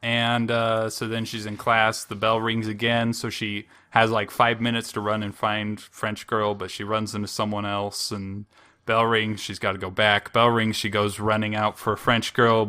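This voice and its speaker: A young man talks on a casual podcast with a bright, forceful voice. He retells a story in a wry, sarcastic way and chuckles often. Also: on the low side. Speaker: podcast co-host recapping an anime.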